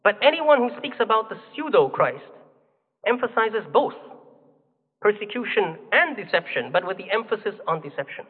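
A man preaching a sermon in a measured, emphatic teaching manner, asking rhetorical questions. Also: high-pitched, big pitch swings, breathy edge. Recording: phone-like, long hall reverb.

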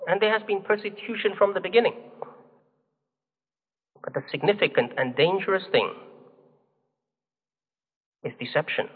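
A man preaching a sermon in a measured, emphatic teaching manner, asking rhetorical questions. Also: high voice, animated, husky. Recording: phone-like, long hall reverb.

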